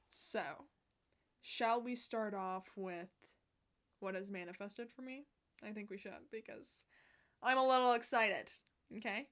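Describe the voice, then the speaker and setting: A young woman vlogger chatting outdoors, excitable and sassy, swearing often. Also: medium pitch, slow pace, long pauses. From Canada. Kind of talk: casual chat. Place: outdoors on a sunny day.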